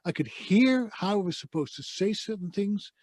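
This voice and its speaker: A man's voice: high-pitched, lively intonation, normal speed, a little mellow, no echo. A man with a Dutch accent, a voice-over artist, telling his story with passion and emphasis in a soundproof home studio. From Netherlands. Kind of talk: conversational interview storytelling.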